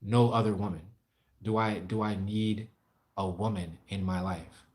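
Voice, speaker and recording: A man's voice: fairly low pitch, fairly even intonation, a little slow, a little mellow. A man on a casual livestream answering viewer questions, rambling, candid and profane.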